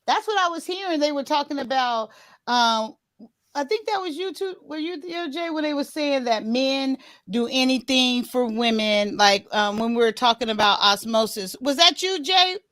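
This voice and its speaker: A woman hosting a casual talk show, chatty and quick to laugh. Her voice sits a bit high, and her pitch moves in a lively, animated way as she reacts to her guests. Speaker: host. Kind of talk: casual chat.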